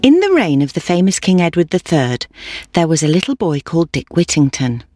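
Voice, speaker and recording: A narrator reading a children's storybook in a steady, clear way. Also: medium pitch, brisk, dry recording, clean studio sound, soft background music.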